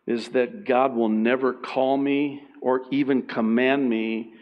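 A man preaching a sermon as pastor, emphatic and swinging between loud and hushed. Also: mid-range voice, little pitch movement, takes it slowly, muffled recording.

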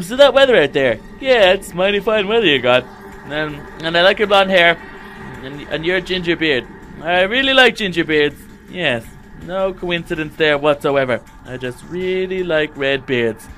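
A man's voice: sits high, a bit bright, slight background noise. A man voicing an anxious, talkative young male shark hero in a Minecraft role-play, stammering and rambling when scared. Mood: awkward, pleading.

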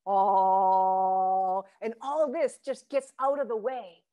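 A slightly mellow female voice, normal in speed, leads a Zen chanting workshop over video. She shows students how to chant and produce low vowels from the belly, offering encouragement and light laughter.

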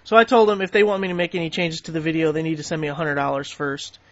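A man's voice: a little high, steady tone, quick pace, no room sound, lo-fi sound. A man hosting a tool deals channel, talking casually and bluntly with plenty of swearing as he goes through coupons. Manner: blunt, profane, easily riled. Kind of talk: casual vlog rant and coupon rundown.

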